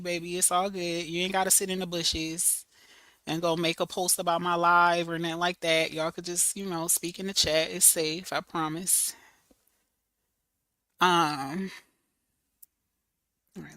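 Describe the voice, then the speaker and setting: Female livestream host, hoarse and losing her voice, unhurried chat with a bright edge, dry close sound. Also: fairly low pitch, little pitch movement, dry recording, rough recording. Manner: chatty, greets viewers by name, loose and familiar.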